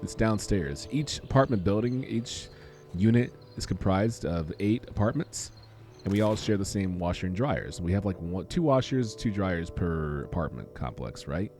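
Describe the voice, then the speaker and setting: Young male streamer, low lively voice, rambling joke teller, faint game music behind. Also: normal speed. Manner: rambling, joking storyteller. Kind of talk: casual let's-play commentary.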